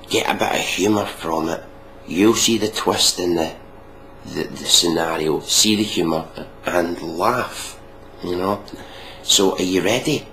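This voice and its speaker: A man with a very deep, gravelly voice rants through a sarcastic reaction commentary, mocking and swearing freely. A faint hum of noise sits under the recording. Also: fairly bright tone, rough recording. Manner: mocking, ranting, swears often.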